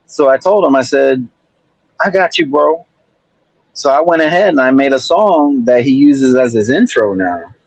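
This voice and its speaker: A man's voice: mid-range voice, expressive, normal speed, hardly any pauses, a little mellow, no echo, rough recording. A man chatting casually as a guest on a livestream panel, in a laid-back, rambling way. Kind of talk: casual chat.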